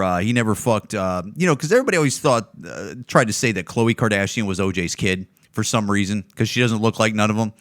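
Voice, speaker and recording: A man's voice: on the low side, a bit bright, dry recording, clean studio sound. A man, a comedian hosting a podcast, giving crude, heated commentary on video clips, swearing constantly. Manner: profane, heated, lots of swearing. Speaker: podcast host.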